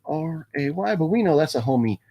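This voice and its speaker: A man's voice: fairly high pitch, animated, fairly quick, dark tone. A man hosting a casual live stream from his home, chatting loosely, reading out viewer names and laughing often. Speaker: livestream host. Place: home room with his movie collection.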